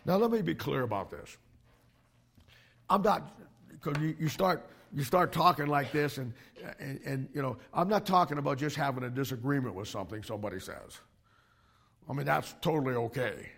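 A male pastor preaching to young ministry students, emphatic and animated, with frequent restarts. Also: medium pitch, normal speed, slightly rough.

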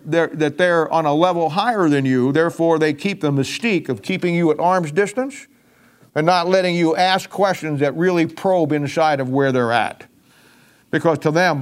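Man, preacher, folksy sermon talk, emphatic, somewhat high voice. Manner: folksy, emphatic, with frequent restarts. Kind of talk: sermon-style Bible teaching.

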